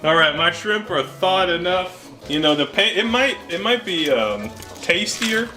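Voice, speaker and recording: A man hosting a casual cooking vlog in his home kitchen, with goofy, deadpan wordplay. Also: high voice, a little slow. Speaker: cooking show host. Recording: music playing underneath.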